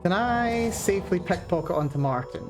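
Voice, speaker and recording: A woman's voice: on the low side, lively intonation, moderate pace, music in the background. Chatty woman streaming a game. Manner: chatty, amused asides. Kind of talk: casual game commentary.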